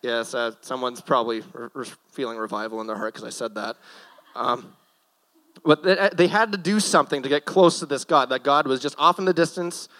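A man's voice: mid-range voice, a little fast, fairly bright tone, low-quality recording. A young man giving a casual, joking sermon from a church stage, with nervous self-deprecating asides. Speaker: guest preacher.

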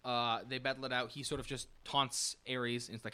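A young man co-hosting a casual book podcast, recapping plot in a halting way with many fillers. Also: medium pitch, flat delivery, sharp tone, clear, resonant tone. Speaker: podcast co-host.

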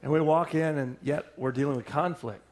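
A male pastor preaches with lively energy in a fairly high voice. He calls out to the congregation for responses and keeps an animated, conversational rhythm. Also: brisk. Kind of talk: sermon.

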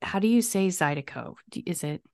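Woman hosting a podcast, lowish voice, dry sound, gets excited. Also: clean tone, no room sound. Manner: measured introductions, bursts of excited enthusiasm. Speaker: podcast host. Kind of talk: podcast interview.

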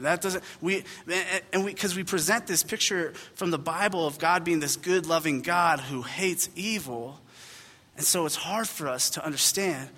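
Young male pastor, bright and high-pitched, casual chatty sermon delivery, reverberant church hall. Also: fairly quick. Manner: casual, conversational storytelling with frequent fillers.

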